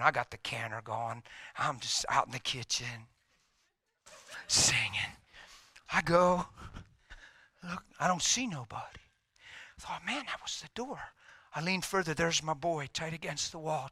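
A middle-aged man preaching a sermon, telling a story and swinging from loud, emphatic lines to hushed whispers. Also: on the high side, breathy edge, no echo.

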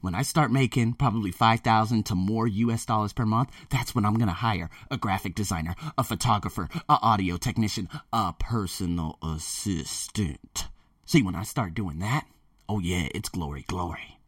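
A man talking casually to his viewers, emphatic and animated, often repeating himself. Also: lowish voice, normal speed, dry recording, clean studio sound, far from the mic. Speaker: vlogger. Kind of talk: casual monologue to camera. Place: Thailand.

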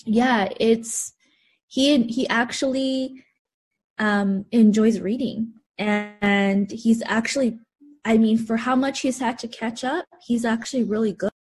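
A mother talking casually in an interview, halting and filling pauses as she speaks. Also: on the high side, fairly even intonation, a little mellow. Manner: halting, many fillers. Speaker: parent.

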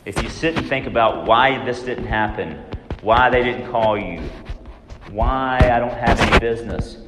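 A man giving a training talk to real estate agents in a large room, lively, often acting out worried inner voices. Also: mid-range voice, roomy sound, in a large hall, slight background noise.

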